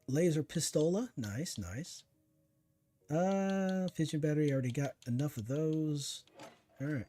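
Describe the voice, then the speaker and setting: A man's voice: fairly high pitch, unhurried, mellow, soft background music. A man giving casual let's-play commentary, chatting to himself and teasing enemies as he plays. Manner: chatty, talks to himself and to enemies while playing. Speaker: gaming streamer.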